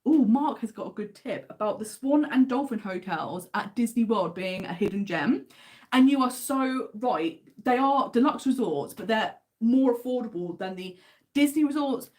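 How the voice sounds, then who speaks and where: A woman's voice: fairly high pitch, animated, moderate pace, a little mellow. Chatty English woman hosting a livestream. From England. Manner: chatty, enthusiastic, reads out viewer comments. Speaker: livestream host. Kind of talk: casual livestream chat.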